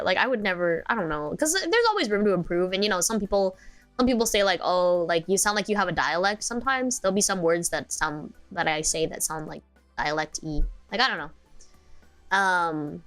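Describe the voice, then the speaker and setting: A woman's voice: on the low side, expressive, normal speed, a bit bright, faint music behind. A young woman streaming as a VTuber, telling stories in casual chat, rambling with lots of filler words and giggles.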